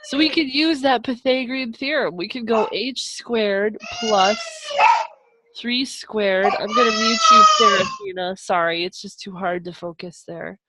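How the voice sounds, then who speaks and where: A woman's voice: on the high side, sing-song, measured pace, very noisy. Upbeat woman teaching over a video call. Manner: upbeat and encouraging, chatty asides to students. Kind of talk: live online math lesson. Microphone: video call microphone.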